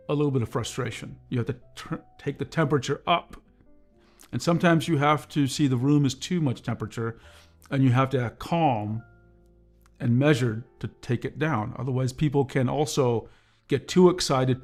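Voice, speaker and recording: A man hosting a casual livestream, reading viewer comments and talking in a calm, measured way. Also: medium pitch. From United States. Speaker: livestream host.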